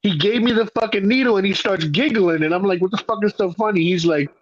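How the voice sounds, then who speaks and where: A man with a high-pitched voice tells profane, animated stories in a casual podcast chat. The sound is dry and close, with a slightly muffled, dull tone. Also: fast, hardly any pauses, no room sound. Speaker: podcast host.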